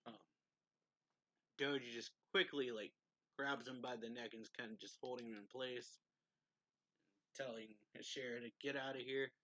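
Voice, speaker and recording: A man's voice: mid-range voice, fairly even intonation, moderate pace, pauses often, pushed and bright, dry recording, rough recording. A man casually reviewing a manga chapter, recapping the plot in a rambling way, chuckling often and using lots of fillers.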